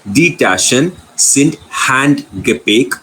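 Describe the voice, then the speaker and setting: Man, student, halting reading, very slow, faint background noise. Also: mid-range voice, lively intonation, a bit bright, rough recording. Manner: halting reading with restarts, polite. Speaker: language student. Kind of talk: reading aloud in a lesson.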